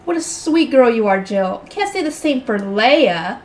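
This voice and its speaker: A cold, scolding stepmother who drags out her words with contempt, as a woman reads her aloud. Her voice sits a little higher than the reader's own. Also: expressive, measured pace.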